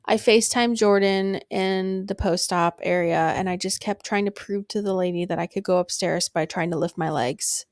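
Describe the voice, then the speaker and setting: A woman's voice: medium pitch, steady tone, a little fast, creaky, few pauses, darkish tone, no echo, studio quality. A young woman hosting a podcast, telling a personal story in a casual, blunt and profane way, laughing along as she goes. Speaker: podcast host.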